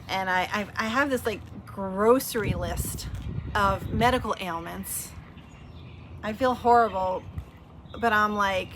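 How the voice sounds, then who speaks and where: A middle-aged woman vlogger chatting casually and warmly about her weight loss, telling stories with lots of fillers and acted-out quotes. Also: mid-range voice, animated, moderate pace, slight background noise. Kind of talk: casual heartfelt chat.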